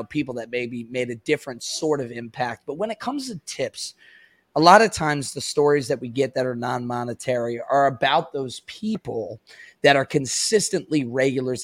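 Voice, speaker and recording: A man in his thirties hosting a podcast, talking in a loose, rambling, animated way with some casual swearing. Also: medium pitch, no room sound. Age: 30s. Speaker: podcast host. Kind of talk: casual chat.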